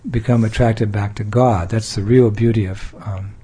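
Husky American man giving a sermon. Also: lowish voice, fairly even intonation, moderate pace, warm tone. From United States. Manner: playful, acts out little scenes and quotes, laughing along. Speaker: spiritual teacher. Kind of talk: devotional talk.

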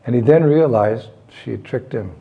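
A man giving a devotional talk, telling a scripture story in a measured way and acting out its characters. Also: mid-range voice, creaky, phone-quality sound. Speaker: devotional speaker.

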